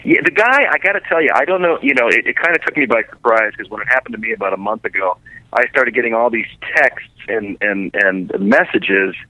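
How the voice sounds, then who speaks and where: A man talking casually on a radio show, making jokes at his own expense. His voice is low, bright and forceful, and the sound is dry and close. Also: expressive, a little fast, no echo, low-quality recording. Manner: joking, self-mocking. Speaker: caller, film director.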